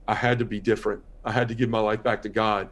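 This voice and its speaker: A man giving a heartfelt personal testimony as a guest on a podcast, telling his story in an earnest, quiet way. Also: on the low side, level tone, quick pace.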